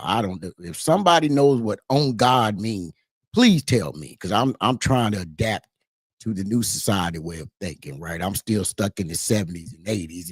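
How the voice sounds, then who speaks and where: A man's voice: lowish voice, slightly rough, dry recording, studio quality. A middle-aged man, talking casually and preachily to his listeners about everyday issues, asking them rhetorical questions. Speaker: trucker commentator. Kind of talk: casual monologue.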